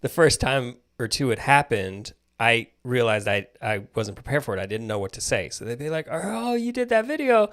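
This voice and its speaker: Animated man in casual podcast chat. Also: on the low side, moderate pace, few pauses. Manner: animated, acts out quoted exchanges, laughs often. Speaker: podcast co-host.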